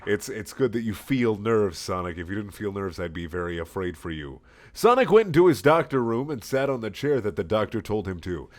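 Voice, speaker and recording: A man's voice: lowish voice, sing-song, a little fast, a little mellow. A man giving a sarcastic, mocking comic reading of a fan story, swearing and cracking up as he goes. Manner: sarcastic, swearing, often laughing. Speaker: reader.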